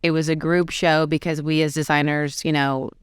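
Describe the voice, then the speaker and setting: Low clear-voiced woman telling her story. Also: little pitch movement, normal speed, dry recording, clean studio sound. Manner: candid, conversational storytelling. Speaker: fashion designer, interview guest. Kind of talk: interview storytelling.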